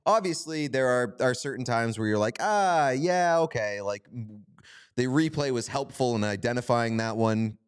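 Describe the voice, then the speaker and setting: A man's voice: mid-range voice, moderate pace, clear, resonant tone. A man co-hosting a sports podcast in casual chat, laughing easily and giving strong opinions. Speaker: podcast co-host.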